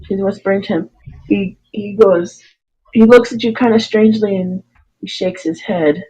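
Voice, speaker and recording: A woman running a tabletop game as dungeon master. She describes scenes haltingly and pauses to think mid-sentence. Her voice sits at a middle pitch. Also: warm tone, lo-fi sound. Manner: hesitant, many fillers and restarts while describing.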